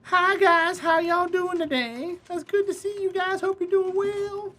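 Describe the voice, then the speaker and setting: A woman doing a towering, kind neighbor guy whose voice sits surprisingly high and light, with an odd, unusual timbre. He greets everyone sweetly and very politely, slow and gentle. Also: fairly even intonation, a little hiss or hum. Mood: friendly. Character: huge, gentle, friendly man with a high voice.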